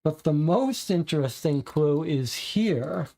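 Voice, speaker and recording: A player reading a detective case aloud and then slowly musing over the clues, with long drawn-out pauses. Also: mid-range voice, lively intonation, warm tone.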